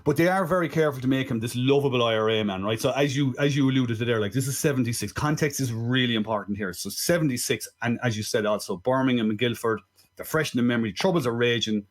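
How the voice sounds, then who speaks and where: Animated Irish man ranting about films. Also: medium pitch, fast talker. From Ireland. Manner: animated, swearing, rhetorical asides. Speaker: podcast co-host. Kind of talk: casual film-review chat.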